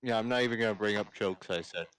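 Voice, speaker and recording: A man's voice: lowish voice, quick pace, a bit bright. A man chatting casually with a friend over voice chat, asking questions and laughing often.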